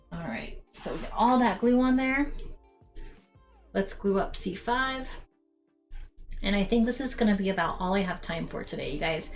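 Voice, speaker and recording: Casual, friendly young woman host for a how-to craft stream, mid-range voice, speaks to viewers directly, light music underneath. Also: medium pitch. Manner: chatty, talks to viewers as "you guys", many ums. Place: home craft room.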